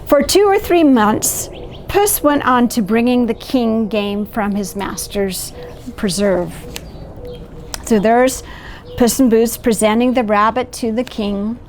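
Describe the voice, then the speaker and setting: A middle-aged woman with a higher voice and lively intonation takes her time reading a picture book aloud, with a little hiss or hum in the audio. A volunteer storyteller, she adds warm asides about the story and points out the pictures.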